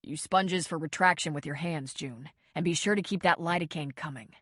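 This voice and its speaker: A male surgeon snaps out short, urgent orders in the middle of an operation, as a woman reader voices him. The voice sits somewhat low, with a bit more push than her narration. The recording is dry and close. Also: normal speed, fairly bright tone, no echo. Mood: urgent, commanding. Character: brisk commanding male surgeon.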